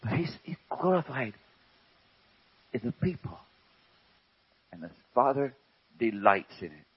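A man preaches a sermon in a slow, emphatic way and often sinks to a hush. His voice is a little husky and his pitch rises and falls freely. The recording sounds dull and lo-fi. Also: very animated. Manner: slow and emphatic, drops to a hush, asks rhetorical questions.

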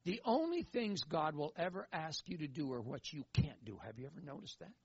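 A man preaching a sermon in an animated way, repeating phrases for emphasis, on a dull lo-fi recording. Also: a little high, fairly quick, breathy edge, no room sound. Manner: animated, acts out quoted voices, emphatic repetition.

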